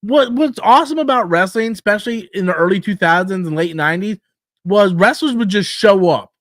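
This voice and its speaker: A man co-hosting a casual wrestling podcast, blunt and profane, who mocks promoters in quick put-on voices. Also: high voice, expressive, a bit bright, no echo. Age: older than co-host, calls himself old school. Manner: blunt, swears freely, mocks in put-on quotes. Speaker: podcast co-host.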